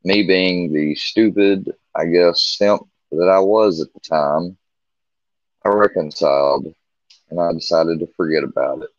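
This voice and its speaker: A man's voice: sits low, steady tone, measured pace, no room sound. A man casually telling a long personal story about his marriage, rambling and candid, full of restarts and quoted back-and-forth. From Missouri. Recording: dull lo-fi stream audio.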